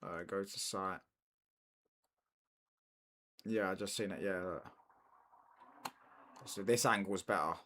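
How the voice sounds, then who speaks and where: A man's voice: deep voice, slow, pauses often, a bit bright. A young man chatting casually on a football watchalong stream, repeating his points and bantering with viewers. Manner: repeats lines, slangy banter with chat. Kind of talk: casual live-stream chat.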